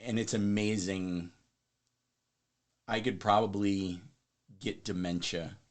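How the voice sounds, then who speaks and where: A man's voice: lowish voice, fairly even intonation, takes it slowly. A man hosting a podcast, reflective in casual interview chat, stammering now and then as he gathers his thoughts. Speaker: podcast host.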